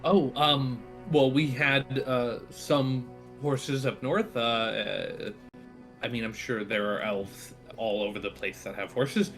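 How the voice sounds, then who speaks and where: A man's voice: mid-range voice, steady tone, slow, fairly bright tone. A man playing a tabletop game who speaks in character in a hesitant, stumbling way. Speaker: player. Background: faint music.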